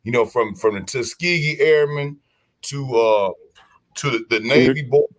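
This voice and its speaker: A man in casual stream chat, telling history stories in an animated, preachy way with many restarts. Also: mid-range voice, unhurried.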